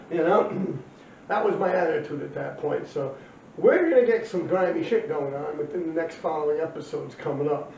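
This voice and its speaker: A former graffiti writer tells old stories in a casual, rambling monologue full of fillers, blunt swearing and slang. His voice is fairly high, a little mellow and fairly quick with lively intonation, and the recording is dull, roomy and distant with slight background noise.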